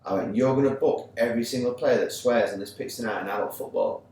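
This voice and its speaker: An English podcast co-host chats casually on a sports show, talking quickly in a medium-pitched, slightly mellow voice and playing both sides of an argument as he tells a story. The rough recording has heavy reverb, slight background noise, and he sounds far from the mic.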